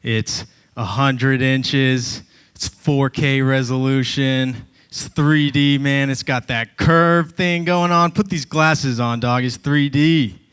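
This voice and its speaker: A man voicing a laid-back young male roommate who talks slowly and boastfully. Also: medium pitch, fairly even intonation, a bit bright, smooth.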